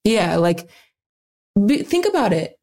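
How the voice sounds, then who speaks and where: A woman stand-up comedian talking candidly in an interview, earnest and animated, often laughing and restarting her sentences. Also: mid-range voice, slow.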